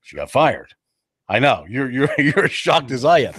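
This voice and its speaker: A man's voice: medium pitch, moderate pace, soft background music. A man hosting a talk radio show, chatting casually and jokingly in a studio. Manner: animated, jokey, acts out other people's voices. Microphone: studio microphone.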